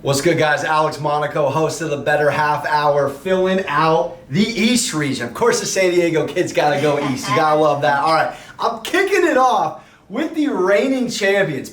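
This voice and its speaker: A man's voice: a little high, a bit bright, echoey room, distant mic. A young man hosting a betting show, making sports picks in a brash, slangy, confident way.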